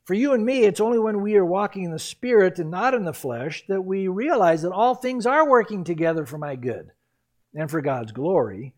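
A lively man preaching a Bible teaching sermon, his voice pitched fairly high and swinging widely up and down. He talks in an animated way, acting out the characters as he goes. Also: normal speed. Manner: animated, acts out quoted voices and reactions, laughs at his own asides. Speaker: pastor.

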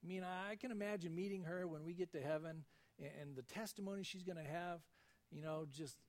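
High-voiced man preaching a sermon. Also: brisk. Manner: conversational, often acts out quoted voices. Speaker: pastor.

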